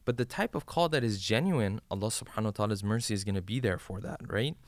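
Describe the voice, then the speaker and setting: A man's voice: lowish voice, fast talker, no room sound. A man teaching listeners the meaning of a supplication, explaining each line in plain words and often checking in with "right?". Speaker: religious teacher.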